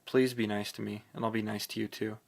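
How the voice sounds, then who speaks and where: A man voicing a lonely, clingy young woman who pleads softly in an audiobook. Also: lowish voice, level tone, a little fast, gravelly. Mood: pleading.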